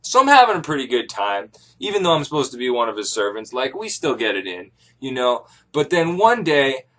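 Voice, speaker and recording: A man's voice: medium pitch, fairly quick. A man telling an ancient tale as a comic first-person story, rambling and profane. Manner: animated, profane, rambling jokes. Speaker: comedic storyteller.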